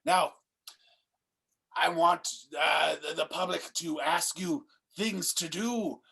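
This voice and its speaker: A man's voice: fairly high pitch, takes it slowly, gravelly, sharp tone, breathy edge, heavily acted. A man playing a fussy, melodramatic mad scientist who dotes on his creation and breaks into dramatic cries, in an improv comedy scene. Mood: flustered. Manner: melodramatic, bursts into cries, stammers.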